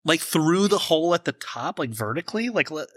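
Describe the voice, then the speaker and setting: A man co-hosting a casual food podcast, wry and jokey, quick to act offended about food. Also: fairly high pitch, animated, a bit bright. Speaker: podcast co-host. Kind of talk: casual chat.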